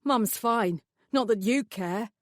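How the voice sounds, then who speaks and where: An angry young man snaps and snarls with bitter hostility, as a woman reads him in an audiobook. He speaks a little high, in a dry, close recording. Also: slow, dry recording. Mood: resentful.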